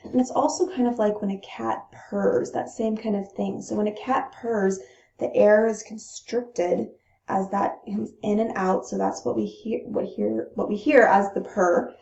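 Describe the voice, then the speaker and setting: Woman, breathing instructor, calm, gravelly mellow voice, roomy dull recording. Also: medium pitch, measured pace. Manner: calm, demonstrates breaths between phrases. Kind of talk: gentle instructional talk.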